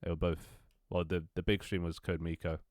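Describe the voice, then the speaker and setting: This is a young man with a very low voice, rambling to his stream audience. He swears casually and trips over his words as he goes. The sound is dry and close. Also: level tone, normal speed, a little mellow, no echo. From London, England. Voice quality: swears casually, many restarts and laughs. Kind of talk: casual chat with stream viewers.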